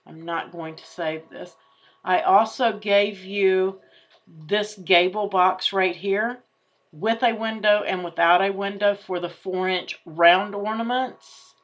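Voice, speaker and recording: A woman's voice: medium pitch, steady tone, slow pace, muffled recording. Chatty woman walking through a craft tutorial. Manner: chatty, thinking aloud while clicking. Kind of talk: screen-share craft tutorial.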